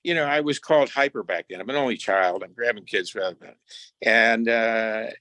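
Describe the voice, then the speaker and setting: A man's voice: fairly low pitch, moderate pace, no echo. An older man as a radio show guest, telling a childhood story and acting out the voices of the people in it. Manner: animated storyteller who acts out voices. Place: remote, away from the host.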